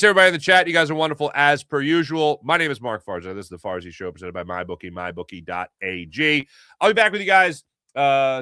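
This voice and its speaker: A middle-aged man from Philadelphia hosting a casual sports talk show, telling animated stories and acting out voices. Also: medium pitch, dry recording, clean studio sound. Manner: animated storytelling, acts out voices.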